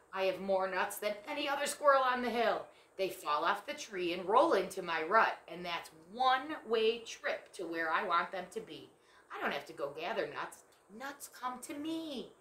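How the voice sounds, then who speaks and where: A boastful little male squirrel chatters in a high, eager voice, stretching out his words as he counts his nuts, as a woman reading a storybook puts him on. The voice is bright and jumps all over, with a roomy echo around it. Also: full character voice. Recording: echoey room.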